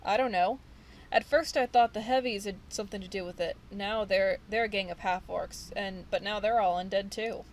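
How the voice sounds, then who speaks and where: Brief: woman reads nervous young male gang dropout, slangy, mid-pitched. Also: fairly even intonation, normal speed, a little hiss or hum, lightly acted, low-quality recording. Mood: scared. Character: frightened young male ex-gang member, street-talking. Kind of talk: reading game dialogue aloud.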